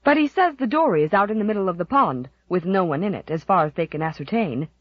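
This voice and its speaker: A woman's voice: a little high, very animated, moderate pace, no echo, lo-fi sound, voice pushed up. A woman voicing a querulous elderly spinster aunt in an audiobook, complaining and dwelling on dire omens. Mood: cool. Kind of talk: audiobook character voice.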